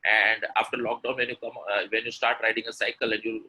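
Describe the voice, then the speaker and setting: A man's voice: on the low side, little pitch movement, fast talker, pushed and bright, husky, poor audio. A man teaching pronunciation in a live webinar, quizzing the audience with word pairs and praising their answers. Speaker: English pronunciation coach.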